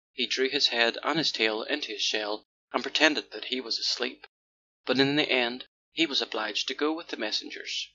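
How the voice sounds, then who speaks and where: Male audiobook narrator for children's fairy tales; very bright, crisp delivery, lo-fi with faint hiss. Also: mid-range voice.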